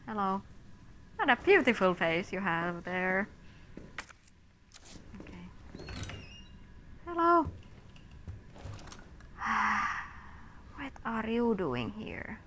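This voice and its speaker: Bright lady chatting while she plays, grumbles at zombies, lively up and down voice. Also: lowish voice, slow, long pauses, slight background noise. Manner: chatty, exasperated, talks to enemies. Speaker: gamer. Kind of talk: casual game commentary.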